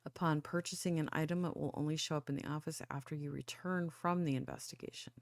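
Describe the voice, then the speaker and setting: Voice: medium pitch, steady tone, gravelly, no echo. Sleepy gamer reading tutorial text aloud. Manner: reads on-screen tutorial text aloud with quick asides. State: sleepy, yawning. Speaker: gaming channel host. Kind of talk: casual let's play commentary.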